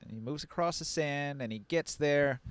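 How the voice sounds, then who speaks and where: A man's voice: a little high, moderate pace, clean tone, no room sound. A man narrating as game master on a live stream, playful and rambling, with laughing asides into a close mic.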